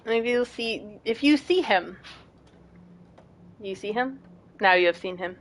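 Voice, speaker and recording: A young woman streaming a game, chatting casually and self-deprecatingly, with bursts of excited squeals. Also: medium pitch, slow, pauses often, a little hiss or hum. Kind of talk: casual gameplay commentary.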